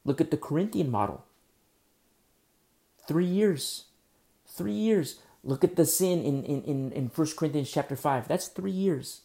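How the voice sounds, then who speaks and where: A male pastor delivers a sermon, and his voice has a gravelly edge with a dark, mellow tone. He drives his points home through runs of emphatic rhetorical questions. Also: fairly high pitch, animated, unhurried, long pauses.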